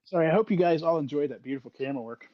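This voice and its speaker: A man telling a story in a self-deprecating way on a podcast, lively and candid. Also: a little high, rapid-fire, highs cut off. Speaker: podcast guest, Freemason author. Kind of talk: casual storytelling conversation.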